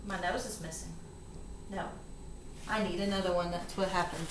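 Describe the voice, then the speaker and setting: Speaking on the low side with a steady tone, a woman walks through a phonics lesson slowly and patiently, one step after another. There's background noise, and the room is an echoey classroom with faint ambience.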